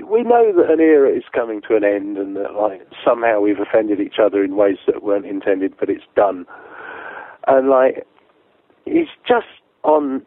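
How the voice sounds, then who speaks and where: A man's voice: mid-range voice, dry recording, narrow, tinny audio. A man telling a long, profane tour story in a casual way, laughing often and acting out what other people said. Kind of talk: casual anecdote, sweary storytelling.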